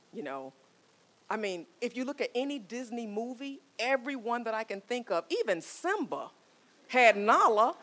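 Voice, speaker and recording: A woman in her forties giving a motivational talk, telling stories and coaxing the audience with questions. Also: medium pitch. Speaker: marriage speaker.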